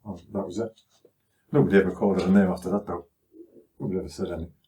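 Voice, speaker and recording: An older Liverpool man with a broad Scouse accent talks through his memories in a relaxed, anecdotal way, speaking very fast. His fairly low voice sounds a little distant from the mic. He's a father telling his life story conversationally, chatty and full of anecdotes, acting out other people's voices.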